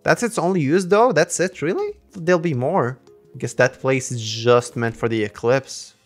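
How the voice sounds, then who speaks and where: A young man chatting through a let's play, breaking into high yelps and shrieks when danger hits. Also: moderate pace, soft background music. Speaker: gaming channel host.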